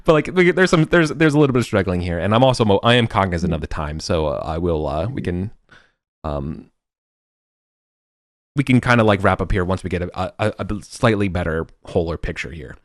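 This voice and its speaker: A man's voice: low voice, lively intonation, fairly quick, no echo, studio quality. A man running a tabletop game as game master, talking in a hesitant way with frequent restarts.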